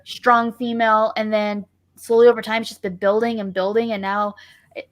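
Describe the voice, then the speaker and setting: Woman co-host, easygoing, a little high. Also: little pitch movement, normal speed. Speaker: podcast co-host. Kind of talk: casual podcast chat.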